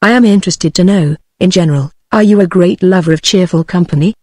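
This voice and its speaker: A synthetic woman's voice reading the lines of an awkward, stammering male government clerk in a storybook, flat and halting. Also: on the low side, no echo, studio quality, natural voice. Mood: hesitant. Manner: halting, repetitive, even synthetic delivery.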